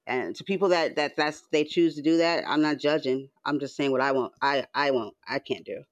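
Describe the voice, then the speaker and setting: A man's voice: a little high, brisk, no room sound. A man hosting a livestream from home, chatting in a loose, rambling way that keeps restarting words, swearing freely. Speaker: livestream host. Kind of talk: casual rambling monologue. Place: at home, indoors.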